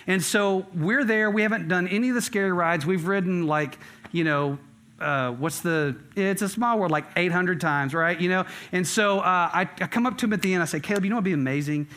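A middle-aged male pastor preaching in a high, bright voice. He moves from earnest emphasis into relaxed, chatty storytelling. His delivery stays conversational throughout. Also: normal speed. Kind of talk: sermon.

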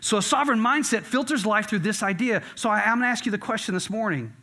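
A middle-aged pastor preaches a sermon in a high, bright, forceful voice, animated and fast-talking. He tells stories conversationally and stresses his points with earnest emphasis.

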